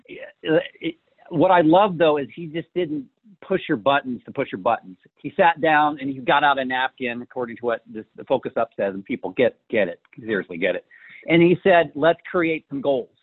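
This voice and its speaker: A man's voice: medium pitch, expressive, normal speed, dry recording. Brief: male interviewer, keen and talkative, mid-range voice, phone-call sound. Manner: enthusiastic, paraphrases guest stories. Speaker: host. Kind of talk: podcast interview. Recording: tinny phone-like call line.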